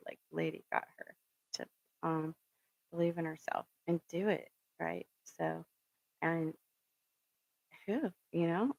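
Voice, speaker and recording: This middle-aged woman hosts a spiritual reading channel and has a fairly low, creaky voice, captured in a low-quality recording with no echo. Her motivational talk is casual and rambling, a story stuffed with ums and earnest pep talk. Now and then she swears for emphasis.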